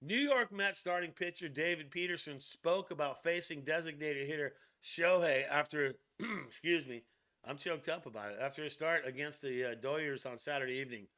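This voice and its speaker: A man hosting a casual sports news channel, chatting excitedly with jokey asides and laughs. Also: a little high, moderate pace.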